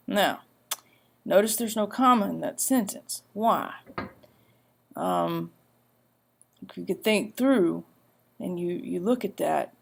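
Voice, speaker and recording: A woman teacher giving a grammar lecture, halting and repeating herself with many fillers as she reads example sentences aloud. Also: on the low side, vocal fry.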